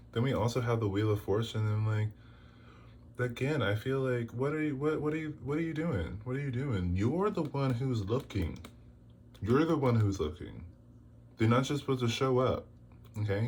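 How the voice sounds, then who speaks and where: A man's voice: medium pitch, normal speed, a little hiss or hum. A man giving a casual tarot reading to camera, exasperated and scolding, with lots of rhetorical questions. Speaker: tarot reader.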